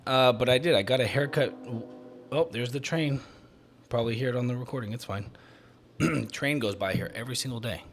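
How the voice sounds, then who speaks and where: A man's voice: medium pitch, fairly quick, a little hiss or hum. A man hosting a solo podcast, talking in a rambling, self-deprecating way with lots of restarts, a bit out of breath. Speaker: podcast host.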